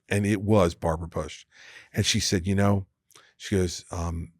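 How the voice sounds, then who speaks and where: Older male guest, deep and dry, spins anecdotes with quick impressions. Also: husky, no echo. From United States. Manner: anecdotal, quotes others in lively impressions. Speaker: guest, former governor. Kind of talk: storytelling interview chat.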